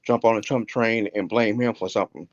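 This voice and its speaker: Blunt older male caller in his sixties, low-voiced, emphatic, heard over a muffled dry phone line. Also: fairly even intonation, fairly quick, no echo. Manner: blunt, emphatic, stumbling restarts. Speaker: caller, retired police officer. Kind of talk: call-in show commentary.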